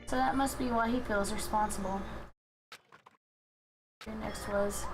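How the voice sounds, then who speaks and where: Woman streamer, reads every character's lines herself, game music clearly behind. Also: medium pitch, steady tone, a little slow, long pauses, rough recording. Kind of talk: reading game dialogue aloud.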